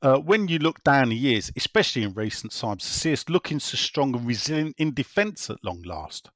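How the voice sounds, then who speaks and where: A man's voice: medium pitch, very animated, brisk, fairly bright tone. A man talks in a loose, conversational way. He circles back over his points and reads listener messages aloud in a mid-range voice. The sound is dry, with no room echo. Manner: rambling, conversational, repeats himself. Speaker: football podcast host reading listener messages. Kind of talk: casual chat.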